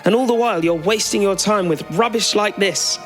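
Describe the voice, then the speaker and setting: Bloke doing a posh lady voice, pitched up, protective mum type. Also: a little fast, over music, natural voice. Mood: furious. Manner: raised pitch, posh, soft then angry. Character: posh protective middle-aged woman, Sarah Jane. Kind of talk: reading a script aloud.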